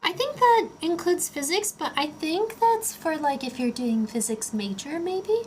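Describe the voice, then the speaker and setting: A woman's voice: very high-pitched, lively intonation, a little slow, a little mellow, a little hiss or hum. A young woman livestreaming casually, rambling and chatty with lots of filler words while she builds a Lego set and answers chat. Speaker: streamer.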